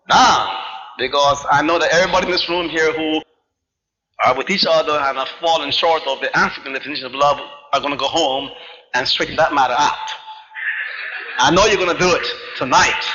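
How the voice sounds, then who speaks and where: A man's voice: on the high side, sharp tone. A man giving an emphatic spiritual lecture to a live audience, driving his points home with rhetorical questions and repeated "you see". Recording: dull lo-fi 1990s hall recording with long reverb.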